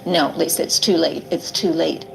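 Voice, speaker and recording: Interviewee, woman, middle-aged, gravelly, a bit low, earnest retelling. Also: fairly even intonation, normal speed, faint music behind, low-quality recording. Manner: earnest, quotes herself and others, many "like" fillers. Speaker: interviewee recounting her ordeal. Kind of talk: emotional testimony in an interview.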